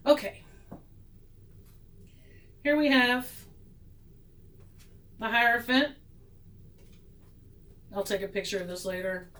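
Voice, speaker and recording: A woman's voice: a little high, animated, slow, long pauses, fairly bright tone, rough recording. A woman vlogging a tarot reading in a casual, sarcastic, self-mocking way, laughing often.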